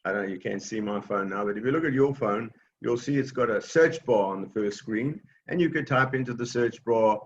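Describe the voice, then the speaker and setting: A man's voice: lowish voice, a little fast, few pauses, dull audio, a little hiss or hum. A man teaching an online class for seniors, explaining patiently in plain words with many fillers and restarts, over a video call. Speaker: technology class instructor.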